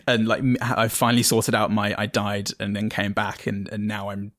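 A man's voice: fairly low pitch, monotone, normal speed, fairly bright tone, no room sound, clean studio sound. A man, a tabletop game player, chatting casually on a podcast in a rambling way, often laughing.

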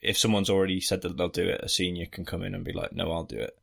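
A man's voice: sits low, level tone, racing, gravelly, a bit bright, slightly rough. A man co-hosting a podcast, recapping a film in a rambling, joking way with lots of fillers. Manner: rambling, with frequent fillers and jokey asides. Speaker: podcast co-host. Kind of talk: casual film-review chat.

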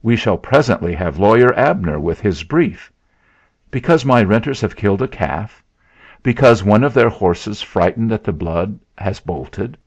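A man voicing a blustering, sneering landowner in a storybook reading, taunting loudly. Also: deep voice, dry recording, full character voice. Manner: mocking, shouting taunts. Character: blustering sneering middle-aged male landowner. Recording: dull lo-fi recording.

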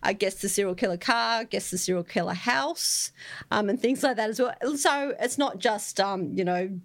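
Chatty, giggly woman co-host. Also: mid-range voice. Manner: chatty and giggly, with quick restarts. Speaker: podcast co-host. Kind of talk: casual chat.

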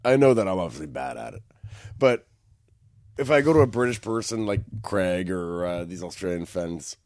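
A man's voice: lowish voice, normal speed, gravelly, darkish tone, no room sound, studio quality. A man co-hosting a podcast, chatting casually in a crude, joking, swearing way. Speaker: podcast co-host. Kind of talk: casual chat.

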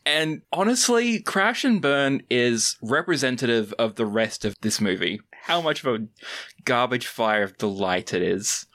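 Lively, quippy woman podcast guest. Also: a bass voice, measured pace. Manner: playful, quippy. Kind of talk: casual chat.

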